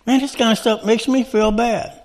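A man with a fairly high voice preaching a sermon. He talks to the congregation conversationally and keeps checking in with rhetorical questions. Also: fairly even intonation, normal speed.

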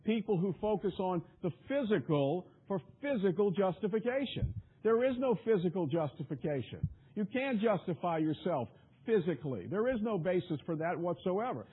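A man's voice: sits high, expressive, normal speed, breathy edge, phone-quality sound. A man preaching a sermon in an emphatic, repetitive way, often stumbling over his restarts.

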